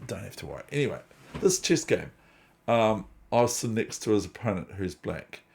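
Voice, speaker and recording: A man's voice: sits low, gravelly, a little mellow. A man hosting a chess channel, talking in a chatty, digressive, self-deprecating way. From New Zealand. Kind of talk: casual rambling commentary.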